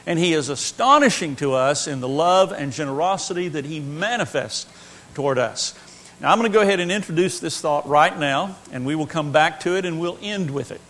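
Man, high voice, earnest Bible teacher, emphatic and repetitive. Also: fairly bright tone. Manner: earnest, emphatic, repeats key phrases. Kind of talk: Bible lesson.

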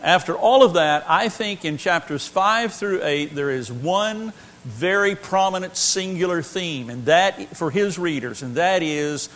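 A man's voice: high voice, lively intonation, measured pace, fairly bright tone. A man teaching a Bible lesson in an earnest, emphatic way, repeating his key phrases.

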